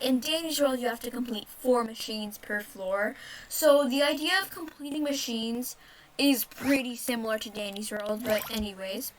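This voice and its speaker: Chatty high-voiced woman gamer. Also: poor audio. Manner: rambling, self-correcting, chatty. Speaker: gaming video host. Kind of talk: casual gameplay commentary.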